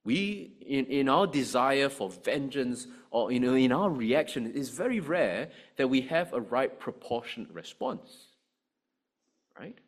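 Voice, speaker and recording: A man preaching a sermon, animated, with frequent rhetorical asides to the congregation. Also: mid-range voice, measured pace. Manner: animated, rhetorical "right?" asides, acts out angry voices.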